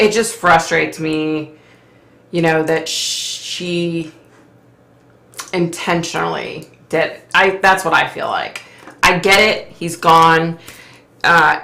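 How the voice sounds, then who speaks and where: A woman's voice: low-pitched, steady tone, unhurried, vocal fry, bright, forceful tone, reverberant. A middle-aged woman hosting a psychic livestream, reading viewer comments aloud and answering with sympathy and frequent sighs. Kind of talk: casual live chat reading comments.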